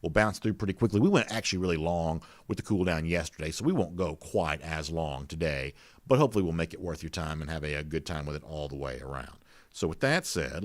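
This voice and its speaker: A man with a very deep voice and no echo hosts a casual sports talk show. He chats loosely, fills his speech with plenty of "you know," and reads out viewer comments.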